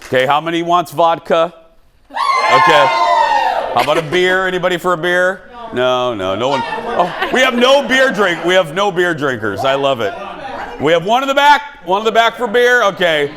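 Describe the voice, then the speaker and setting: Lively jokey tv host guy, voice bounces all over, rowdy studio crowd and noise behind. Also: high voice, normal speed. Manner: jokey, animated, self-deprecating storyteller. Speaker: talk show host. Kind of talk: comedic talk show banter. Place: television studio with live audience. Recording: studio audience and background noise.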